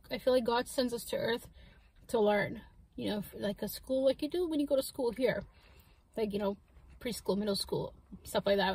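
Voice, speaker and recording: A woman's voice: a little high, husky, rough recording. A woman vlogger in a casual chat while she eats, talking with her mouth full and musing in a rambling way, with lots of fillers. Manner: soft-spoken, wondering. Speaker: mukbang vlogger.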